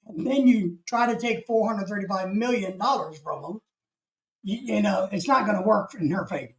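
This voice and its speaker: A man's voice: high voice, moderate pace, poor audio. A man from the United States hosting a casual live stream, rambling through opinions and reading chat comments aloud.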